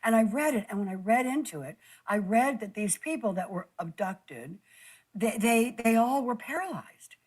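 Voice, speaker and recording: A woman telling a personal story in a halting way, stumbling and repeating words, close to tears. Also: medium pitch, animated, darkish tone, low-quality recording. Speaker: guest recounting an experience.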